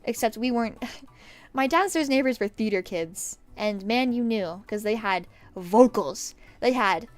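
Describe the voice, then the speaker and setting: A sick young woman streaming from her desk at home, rambling casually and swearing, with sudden loud yelps. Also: on the high side, a little slow, faint music behind. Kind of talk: casual chat while painting nails.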